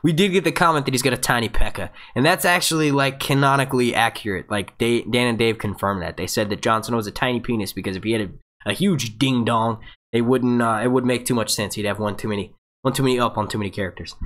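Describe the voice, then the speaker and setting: A man's voice: fairly low pitch, fairly even intonation, quick pace, fairly bright tone. Rambling man answering fan questions. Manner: rambling, restarts and fillers, reads viewer questions. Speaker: host of a fan review show. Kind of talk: live Q&A breakdown. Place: home setup, phone nearby.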